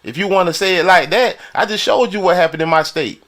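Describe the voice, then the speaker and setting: A man's voice: high voice, fast talker, fairly bright tone. A man from Florida on a live stream, arguing heatedly and boasting, with repetitive challenges and frequent laughter.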